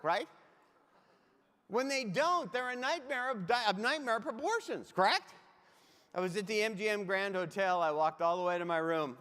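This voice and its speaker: A man with a high, bright-sitting voice tells funny travel stories as a keynote speaker. He talks right to the crowd with comic timing. His voice rings out with a long hall reverb behind it. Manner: comic, anecdotal, addresses the audience directly. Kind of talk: humorous keynote storytelling.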